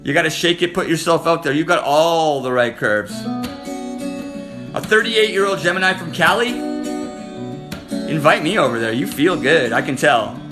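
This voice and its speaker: A man's voice: a little high, animated, normal speed, long pauses. A man hosting a casual live stream, flirting with and teasing viewers as he reads their comments, with guitar music behind him. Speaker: livestream host. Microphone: phone.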